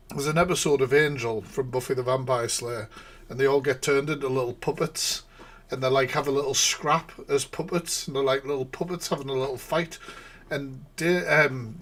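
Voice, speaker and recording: A man riffs through a casual live-stream reaction, rambling with sarcastic asides and bursts of laughter. His voice sits at an everyday middle pitch. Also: fairly even intonation, normal speed, a bit bright.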